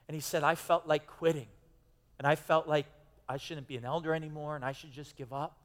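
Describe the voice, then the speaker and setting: A male pastor delivers a sermon in a church sanctuary, and his voice rings out with a long hall reverb. He sits a little higher than most men and preaches in an emphatic, conversational way, often restarting his sentences. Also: steady tone, a little fast, fairly bright tone.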